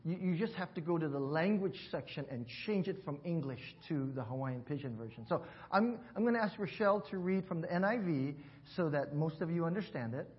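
A man's voice: fairly high pitch, animated, a little fast, hardly any pauses, muffled recording. A man pastor preaching a sermon in church, leading the congregation to repeat words after him. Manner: warm teaching, invites congregation to repeat words. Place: church sanctuary.

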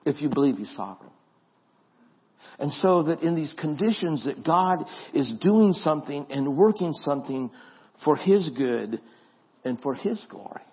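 Husky high-voiced pastor preaching. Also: male voice, animated, normal speed, dull audio. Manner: earnest preaching with repeated phrases and restarts. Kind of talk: sermon.

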